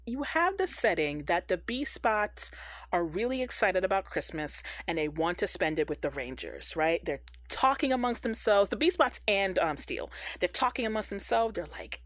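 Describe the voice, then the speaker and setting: A woman's voice: mid-range voice, animated, normal speed, no echo. A woman co-hosting a casual chat, recapping an episode with slang and frequent laughs. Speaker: podcast co-host.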